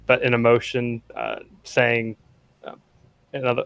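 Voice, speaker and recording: A man's voice: mid-range voice, fairly even intonation, no room sound. A man playing a tabletop game, speaking hesitantly as a player. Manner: slow, hesitant. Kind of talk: tabletop role-play.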